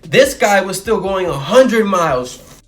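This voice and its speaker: A man's voice: high voice, takes it slowly, soft background music. A young man from Chicago telling a story casually in a vlog, with many fillers. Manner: casual, filler-heavy, animated retelling.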